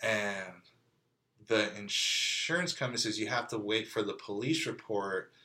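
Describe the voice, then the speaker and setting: A man from California, appearing as an interview guest, gives his testimony in a candid, conversational storytelling style full of "like" and "you know." His lowish voice is bright and forceful, and he speaks at a measured pace.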